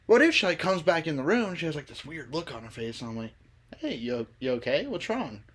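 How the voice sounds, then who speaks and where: A man's voice: a little high, big pitch swings, a little fast, fairly bright tone, slightly rough. A young man chatting casually and telling a spooky story, swearing freely and laughing through it. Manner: laid-back, swears a lot, laughs through his stories.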